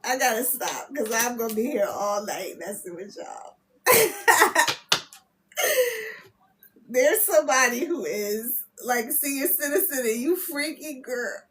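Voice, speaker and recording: A woman reading spiritual messages on a live stream, loud and playful, laughing often as she teases her viewers. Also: a little high, lively intonation, moderate pace, hardly any pauses, a little hiss or hum. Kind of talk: casual live-stream chat.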